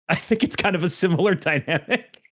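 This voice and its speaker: This podcast co-host is a man with a high, expressive, fairly bright voice at a moderate pace. He rambles and jokes through a casual chat, frequently breaking into laughter at his own bits.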